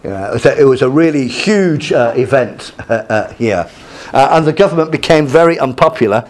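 Hesitant male lecturer with many fillers. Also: on the high side. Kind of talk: lecture with slides.

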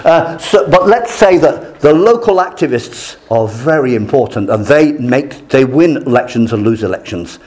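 A man's voice: medium pitch, moderate pace, hardly any pauses. An older man giving a classroom lecture, telling stories and acting out the people he quotes. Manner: lively, storytelling, acts out quoted voices.

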